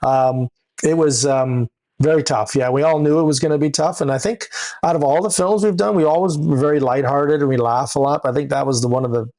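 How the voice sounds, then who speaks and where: A man's voice: on the high side, fairly quick. A man, a camera operator and director, talking casually in a podcast interview and telling stories from the set. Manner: relaxed storytelling, acts out quoted dialogue.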